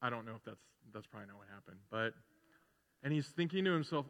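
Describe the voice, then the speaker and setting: A man, a pastor, preaches a sermon fast in a casual, conversational style, animatedly acting out characters as he retells a story and tossing in conversational asides. His voice is medium-pitched, and the lo-fi recording has a long reverb tail.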